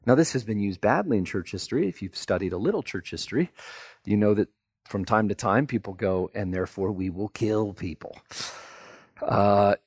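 A man preaching a sermon, telling the story in an animated way and acting out the people in it. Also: on the low side, husky, dry recording, studio quality. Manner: animated storytelling, acts out voices. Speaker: pastor.

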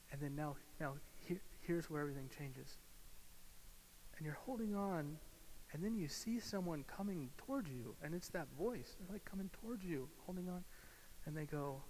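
A male pastor preaching a sermon, swinging from loud emphasis to hushed, slow guided imagery. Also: fairly high pitch. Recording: hall reverb with faint hiss.

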